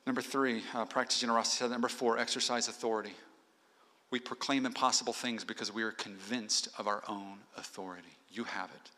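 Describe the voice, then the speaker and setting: A man's voice: medium pitch, fairly even intonation, brisk, pushed and bright. A male pastor preaching an earnest sermon in a church, exhorting the congregation point by point. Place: church sanctuary. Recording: long hall reverb.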